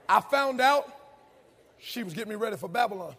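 A man in his thirties preaching a sermon, telling stories animatedly and shouting out his mother's lines. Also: high-pitched, husky. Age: 30s. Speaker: pastor. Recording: long hall reverb.

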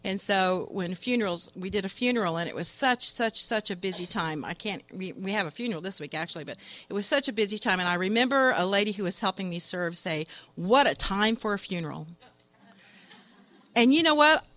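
A woman's voice: medium pitch, expressive, fast, a bit bright. A woman who coordinates funerals at her church, giving an earnest devotional talk with a joke in it. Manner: earnest and exhorting, telling a joke.

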